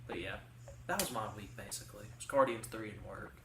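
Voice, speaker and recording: A man's voice: fairly low pitch, a little fast. A young man co-hosting a podcast, rambling through casual stories in a chatty way, full of fillers. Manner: rambling, chatty storytelling with many likes. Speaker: podcast co-host. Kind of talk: casual chat. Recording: roomy sound from a distant mic with faint hiss.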